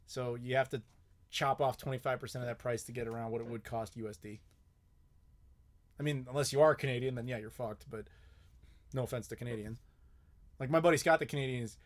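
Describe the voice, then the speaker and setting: A man's voice: medium pitch, quick pace. Young man, host, live Q&A, casual, blunt, profane, joking.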